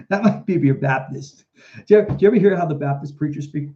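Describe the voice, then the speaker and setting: Chatty rabbi on a dull lo-fi stream. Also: male voice, fairly high pitch, fast talker. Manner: chatty, animated storyteller, digresses freely. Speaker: rabbi and teacher hosting a live Q&A. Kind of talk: casual live question-and-answer talk. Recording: dull lo-fi livestream audio.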